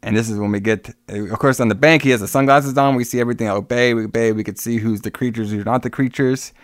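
A man's voice: medium pitch, steady tone, fast talker, no echo. Man casually retelling a movie, dry sound. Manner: rambling retelling with many fillers. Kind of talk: casual movie recap chat.

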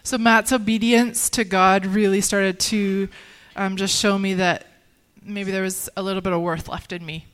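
A woman sharing a personal faith testimony in conversation, earnest and halting, with many restarts. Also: medium pitch, fairly even intonation.

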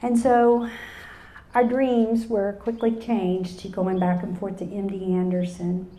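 A woman's voice: mid-range voice, little pitch movement, unhurried, warm tone. A woman in her fifties giving an earnest personal testimony at a women's luncheon, speaking straight to the audience. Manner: earnest, storytelling, addresses audience directly. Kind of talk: live personal testimony talk. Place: large hall with live audience. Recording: roomy echo in a hall.

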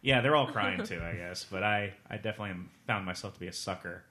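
A man's voice: low-pitched, fast, sharp tone. A man in his forties chatting on a film podcast, joking and laughing easily. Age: 40s. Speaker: podcast co-host. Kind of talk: casual movie review chat.

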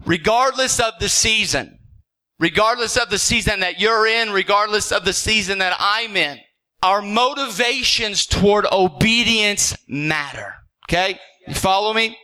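A man's voice: high-pitched, unhurried, pushed and bright, rough recording. A man preaching a sermon as a pastor, earnest and conversational, firing off repeated questions, checking in with "okay?" and often stumbling into restarts. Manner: frequent stammered restarts.

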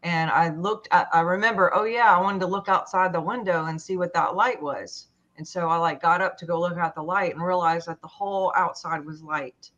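A woman telling a personal story in a conversation, halting and full of fillers and restarts. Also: fairly low pitch, a bit bright. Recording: dull lo-fi sound.

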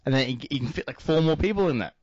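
A man's voice: on the high side, animated, racing, darkish tone, no room sound. Brief: male podcast co-host, playful and teasing, dry dull call audio. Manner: joking, laughs often, teasing. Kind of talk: casual chat over a call.

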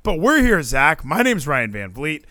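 A man's voice: fairly high pitch, measured pace, no room sound. A man hosting a podcast, chatting casually and jokingly in a rambling way. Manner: rambling, animated, jokey. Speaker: podcast host.

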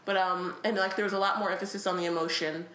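A woman's voice: fairly low pitch, steady tone, fast talker, fairly bright tone, echoey room. A woman co-hosting a podcast, chatting casually about a book, with frequent laughs and fillers. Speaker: podcast co-host.

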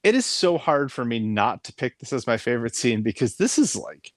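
A man's voice: medium pitch, big pitch swings, dry recording. Chatty eager guy talking tv, mid voice, dry sound. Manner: eager, chatty, quick to agree. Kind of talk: casual TV recap chat.

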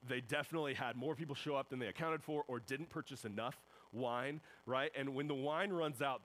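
A young man, a high school pastor, giving a casual youth sermon and acting out little voices in the quotes. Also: fairly bright tone, slight background noise, rough recording.

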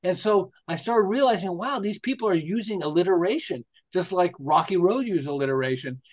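A man's voice: high voice, lively intonation, a little fast. A man in his sixties from the United States, an interview guest telling stories with laughs and rhetorical questions. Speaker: interview guest, marketing specialist. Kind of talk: enthusiastic casual interview talk.

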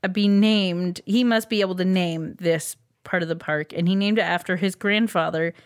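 A woman's voice: lowish voice, fairly even intonation, moderate pace. Chatty woman reciting facts with ums. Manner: reads out facts with many ums and uhs, laughs easily. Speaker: podcast co-host presenting a researched topic. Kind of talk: casual chat.

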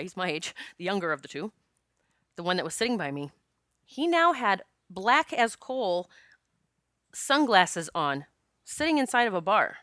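Bright, candid woman telling a story. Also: mid-range voice, no echo, studio quality. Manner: candid, laughs often, swears freely. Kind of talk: casual storytelling monologue.

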